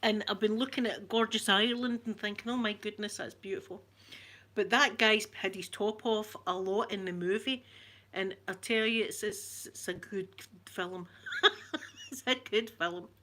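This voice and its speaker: A woman's voice: medium pitch, fairly bright tone. A woman with a broad Glaswegian accent, hosting a casual live-stream chat, greeting viewers by name and laughing often. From Scotland. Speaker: ASMR channel host.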